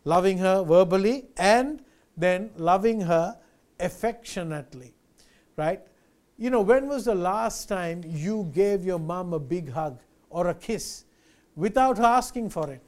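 A man's voice: sits high, animated, measured pace. A male pastor preaching a sermon, earnest and emphatic, repeating key phrases and addressing listeners as friends.

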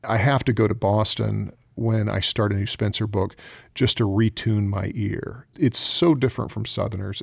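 Gravelly-voiced Southern man, chatty author. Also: on the low side, darkish tone, no room sound, clean studio sound. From American South. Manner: rambling, chatty storyteller with many fillers. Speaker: crime novelist. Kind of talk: radio interview answers.

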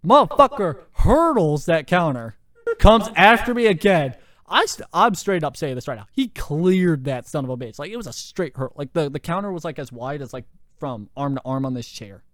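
A young man hosting a podcast, telling a story in a lively, profane way with lots of fillers, into a handheld mic. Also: on the high side, fairly quick, no room sound, clean studio sound. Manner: animated, profane, full of fillers. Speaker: podcast host. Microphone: handheld microphone.

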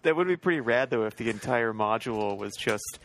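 A man's voice: medium pitch, expressive, brisk, a bit bright. A man co-hosting a casual podcast, asking dry, offhand joking questions. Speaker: podcast co-host.

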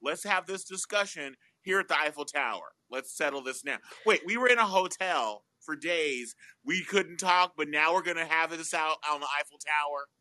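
A man's voice: on the high side, expressive, sharp tone, no room sound. A man co-hosting a casual chat show, gossiping and joking about a reality series. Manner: gossipy, joking, quick asides. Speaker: podcast co-host.

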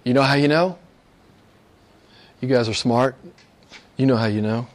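A man preaching a sermon in a conversational way, asking rhetorical questions and repeating phrases for emphasis, dropping quiet and low and then rising loud and excited. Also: measured pace. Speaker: pastor.

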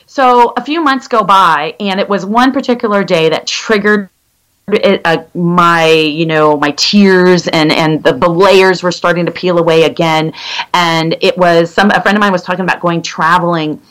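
A woman in her fifties, a guest telling her own story in a candid, halting way with many restarts. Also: lowish voice, fairly bright tone, poor audio. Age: 50s. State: legally blind. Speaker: interview guest. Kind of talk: personal story in conversation.

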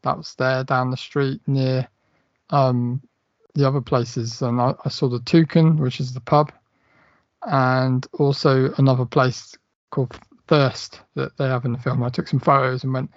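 A man's voice: medium pitch, little pitch movement, a little slow, no room sound, highs cut off. A man co-hosting a casual podcast chat, rambling with lots of fillers and swearing. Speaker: podcast co-host.

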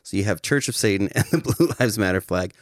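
A man's voice: fairly low pitch, expressive, a little fast, no echo, clean studio sound. A young man co-hosting a casual podcast chat, rambling and swearing freely, laughing at his own jokes. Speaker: podcast co-host.

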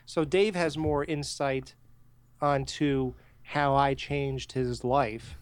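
A man co-hosting a podcast, telling stories in a casual, animated way and swearing freely. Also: medium pitch, takes it slowly, clean tone, no room sound. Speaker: podcast co-host. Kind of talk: casual profane chat.

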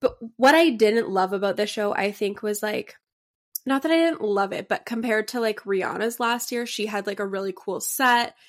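A woman's voice: medium pitch, moderate pace. A young woman co-hosting a podcast, chatting casually with lots of fillers and giggles. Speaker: podcast co-host. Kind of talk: casual chat.

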